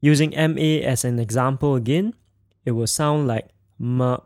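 A man teaching a podcast language lesson, speaking slowly and clearly as he demonstrates tones. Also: medium pitch, darkish tone, no room sound, clean studio sound.

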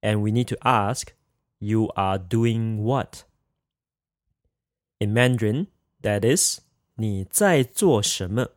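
A man's voice: on the low side, slow, long pauses, no echo, clean studio sound. A man teaching a language lesson in a careful scripted manner, saying each example phrase twice for practice.

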